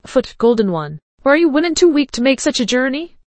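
A woman's voice: mid-range voice, normal speed, dry recording, natural voice. A woman reading the part of a blunt, teasing male tribesman in a spoken story.

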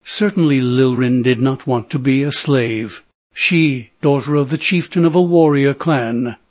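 A man narrating an adventure novel in a steady, measured reading. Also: medium pitch, no room sound. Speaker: audiobook narrator. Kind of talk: scripted narration.

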